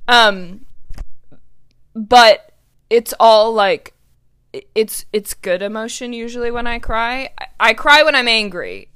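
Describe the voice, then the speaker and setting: A young woman hosts her own solo podcast, chatting casually in an earnest, emotional way full of fillers and restarts. Her voice is on the high side, a bit bright and clean, and she speaks slowly with long pauses.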